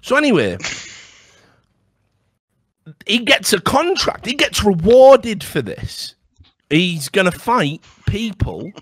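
A man hosting a podcast, delivering an animated, mocking comedic rant with swearing and stammered restarts. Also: high-pitched, slow, long pauses, breathy edge. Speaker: podcast host.

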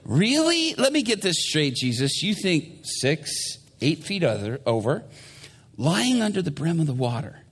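A tired, sarcastic fisherman grumbles in a low, flat mutter, well under the speaker's normal pitch. A preacher plays him with husky, dry impatience, as though humoring a foolish request. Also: unhurried, full character voice. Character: grumbling tired fisherman Peter, adult man.

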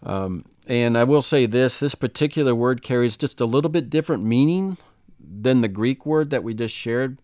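A man teaching the Bible in a relaxed, conversational way, often checking in with "right?". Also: medium pitch, normal speed, no echo, clean studio sound.

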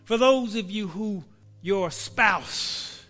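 A man preaching a sermon in church, dropping to whispers and rising to shouts. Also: high-pitched, very slow, long reverb tail, soft background music. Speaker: pastor.

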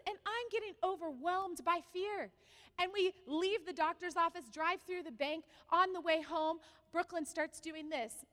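Bright, high-voiced woman pastor in a hall. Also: normal speed. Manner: animated storytelling, asks the congregation questions. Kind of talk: sermon with personal story.

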